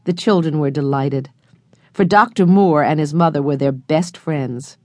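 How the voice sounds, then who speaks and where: A woman narrating a children's audiobook with clear, expressive storytelling, recorded close in a studio. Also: low voice, measured pace, dry recording. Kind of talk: scripted narration of a children's book.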